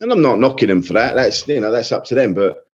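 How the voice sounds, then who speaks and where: This is a man in his forties, a comedian trading stories on a podcast. He talks in a chatty, self-deprecating way at a mid-range pitch. His recording sounds a little dull and lo-fi. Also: expressive, fast, husky. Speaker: comedian guest. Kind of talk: casual podcast chat.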